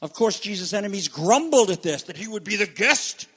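A male pastor with a high-pitched voice delivers an emphatic sermon, rising to loud declarations and dropping to quiet asides. His words ring out with the long reverb of a large church hall. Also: lively intonation, brisk, breathy edge.

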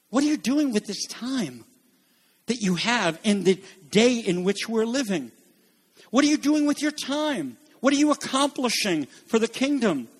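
A man preaching a sermon with dramatic, emphatic delivery. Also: sits high. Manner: dramatic, emphatic preaching with swings between loud and hushed.

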